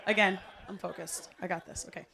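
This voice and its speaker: A woman's voice: fairly low pitch, fairly even intonation, a little fast, vocal fry, pushed and bright, a faint crowd. A young woman giving a casual, rambling wedding toast, laughing often between fillers.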